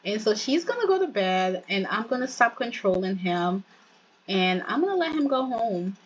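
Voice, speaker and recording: A woman's voice: mid-range voice, big pitch swings, moderate pace, muffled recording, a little hiss or hum. A young woman host narrating her gameplay in a chatty, slangy way with amused asides to viewers. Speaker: gaming channel host.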